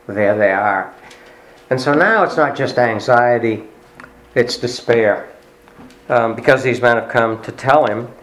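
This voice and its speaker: A man delivering a sermon, retelling a story in a conversational way with pauses and fillers. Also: mid-range voice, fairly bright tone, slight background noise. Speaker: preacher. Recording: roomy echo.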